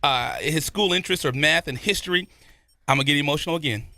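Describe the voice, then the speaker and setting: A man's voice: on the high side, fast talker, vocal fry, sharp tone, no room sound. A man with a Southern Californian accent co-hosting a sports radio show in a studio, interviewing with playful, mock-emotional humor. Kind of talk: casual sports talk.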